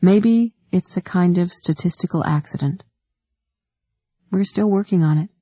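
A woman reading aloud, voicing a calm, kindly older father figure in a soft, understated way. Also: fairly low pitch, unhurried, husky, no room sound. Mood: wistful.

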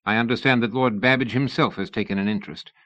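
A man voicing a sly, cocky young male dandy who talks smoothly, in an audiobook reading. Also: mid-range voice, steady tone, fast, a bit bright, dry recording, dull audio, close to an everyday voice.

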